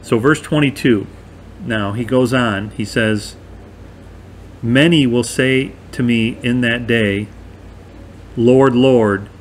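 A man's voice: medium pitch, slight background noise. Emphatic conversational male bible teacher. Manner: conversational, emphatic, asks listeners "right?". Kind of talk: verse-by-verse bible study.

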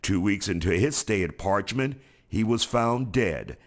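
An American man reading a scripted television news report as reporter and anchor, with a measured, emphatic delivery. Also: on the low side, animated.

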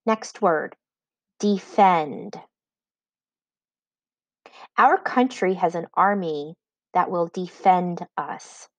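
A woman teacher giving a spelling lesson, dictating words slowly and patiently with clear enunciation. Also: fairly low pitch, expressive, fairly bright tone, no room sound, rough recording.

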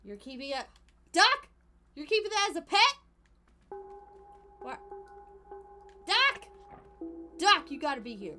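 Young woman streamer, super high voice, giggly and squealy, faint game music behind. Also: brisk, long pauses. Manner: animated, giggly, squeals and exclaims, with quiet murmured asides. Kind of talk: casual gameplay commentary.

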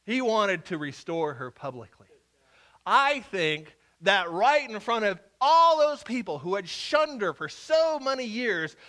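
A male pastor with a high, bright voice, preaching a sermon. He tells the story dramatically, dropping to a hush and then rising again with a lively, swooping pitch. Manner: dramatic storytelling, shifting from hushed to loud.

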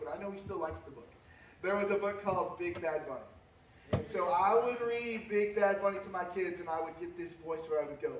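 A middle-aged man preaching a sermon as pastor, swinging from easy storytelling up to loud, high, rousing peaks. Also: a little hiss or hum. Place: church sanctuary. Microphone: cellphone from a distance. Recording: echoey cellphone livestream from far off.

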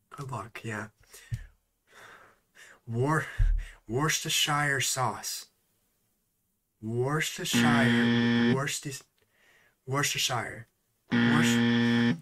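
A man chatting casually in a vlog, sighing and growing exasperated as he repeats words slowly. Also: mid-range voice, fairly bright tone. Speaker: YouTuber.

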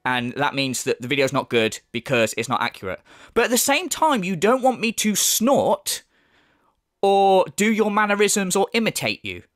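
A man's voice: sits high, big pitch swings, moderate pace, fairly bright tone, dry recording, clean studio sound. A man giving angry reaction commentary, ranting with sarcasm and heavy swearing. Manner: heated, profane, sarcastic ranting. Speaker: YouTube commentator.

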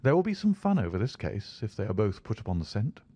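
A man reading the part of a calm, aloof male detective, cool and unhurried in manner. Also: lowish voice, breathy edge, dry recording. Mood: wry.

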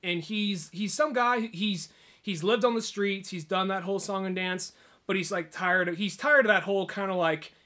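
A young man chats casually on a podcast, retelling a story with excited energy and quick character voices. His voice sits high and sounds bright and forceful. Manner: animated storyteller, acts out game characters' lines. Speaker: podcast host. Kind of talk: casual chat.

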